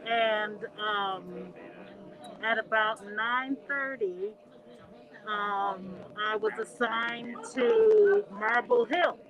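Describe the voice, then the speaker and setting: A woman working at a polling site, chatting in an unhurried way over a video call about her day. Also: fairly high pitch, rough recording. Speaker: poll worker guest. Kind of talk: casual video call chat. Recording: busy crowd behind.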